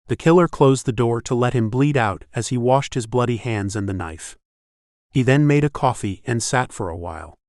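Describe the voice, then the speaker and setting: A man's voice: mid-range voice, moderate pace, a little mellow, no echo. Man narrating an audiobook, dry sound. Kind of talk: scripted narration.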